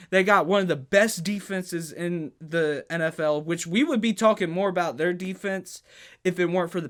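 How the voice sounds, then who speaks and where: Man, high voice, sports podcast co-host, heated, stuttering, emphatic. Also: fairly bright tone. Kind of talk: casual sports talk.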